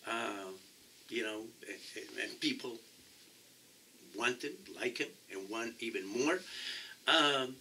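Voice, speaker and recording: A man with a non-native English accent answering interview questions as a political candidate, halting and restarting often. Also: fairly high pitch, bright, forceful tone, distant mic, slight background noise, low-quality recording. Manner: halting, many restarts and fillers. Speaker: council candidate.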